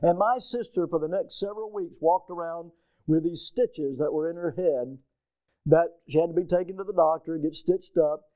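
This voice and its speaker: A man preaching a sermon, reading scripture and telling a lively childhood story, acting out the voices of people in it. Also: a little high, normal speed, dry recording, poor audio. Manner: storytelling, animated, acts out quoted voices. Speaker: pastor.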